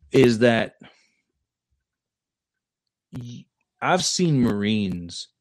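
A man's voice: fairly low pitch, no room sound. A man, a Marine recruiter talking on a casual podcast, rambling and restarting his sentences often. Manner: rambling, with many restarts and stammers.

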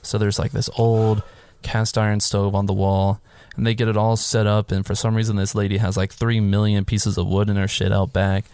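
A man's voice: lowish voice, level tone, moderate pace, a little mellow, smooth. A man casually recapping a film on a podcast, rambling through the plot and acting out the characters' lines, with plenty of swearing. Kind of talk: casual chat.

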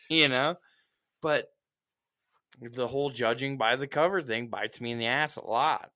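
A man with a bright, forceful voice tells a story in casual chat as a profanity-laced rant. He is animated and slips into mocking asides as he goes. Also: medium pitch, a little slow, pauses often.

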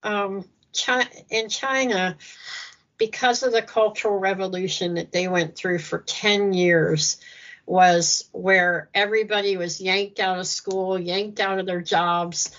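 A woman's voice: mid-range voice, fairly even intonation, slow pace, a bit bright, muffled recording. A woman speaking earnestly about faith in an interview, acting out prayers in a lifted voice. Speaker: guest speaker on Christian ministry. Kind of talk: conversational interview.

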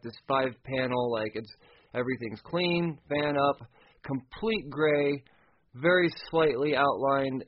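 A man's voice: mid-range voice, highs cut off. Man recapping a comic, loose and profane. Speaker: comic book reviewer. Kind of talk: casual recap chat.

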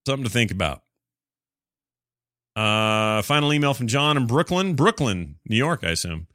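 A man's voice: mid-range voice, very animated, normal speed, pushed and bright, no room sound, studio quality. A man hosting a podcast, reading listener emails aloud and chatting about them in a rambling, self-deprecating way. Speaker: podcast host.

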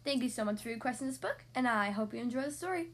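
A woman hosting a podcast, reading a picture book aloud to young children in a gentle, expressive way. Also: fairly high pitch, fast talker. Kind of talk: storybook read-aloud for young kids.

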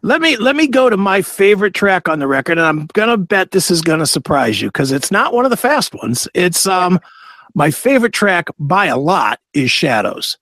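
High-voiced man hosting an interview. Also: very animated, normal speed, fairly bright tone, no echo. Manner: enthusiastic fan, laughs along. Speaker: interview show host. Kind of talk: casual interview chat.

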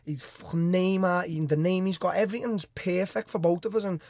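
Brash, quick young man. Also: sits high, darkish tone, no room sound, studio quality. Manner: brash, cocky, swears freely. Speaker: guest, professional fighter. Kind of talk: casual podcast chat. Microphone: studio mic.

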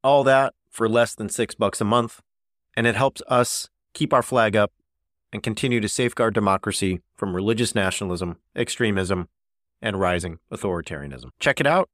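A man's voice: lowish voice, normal speed, fairly bright tone, no echo. Man reading a dry podcast promo. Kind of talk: scripted promo read.

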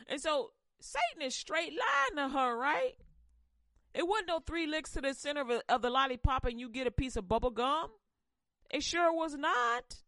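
A woman's voice: high voice, big pitch swings, normal speed, sharp tone, dry recording. A woman retelling a Bible story as comedy, with playful asides, close to the mic. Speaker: comic storyteller. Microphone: close microphone.

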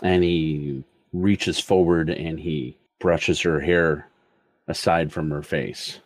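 A man narrates his character's actions in a slow, measured way. His voice is very deep and recorded dry and close. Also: steady tone, no echo. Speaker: player.

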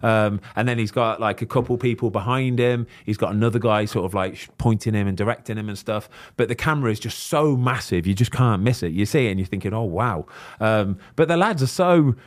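A footballer who hosts a podcast tells stories in casual conversation, animatedly acting out what people said. His voice is lowish, and he talks a little fast with few pauses.

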